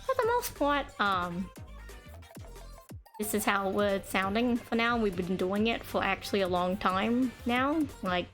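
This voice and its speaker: A woman streaming, chatting casually in a deliberately chosen voice, rambling with lots of fillers. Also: a bit bright. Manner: playful, with sudden high pitch jumps; uses a deliberately chosen put-on speaking voice. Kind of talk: casual chat to stream viewers. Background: faint background music.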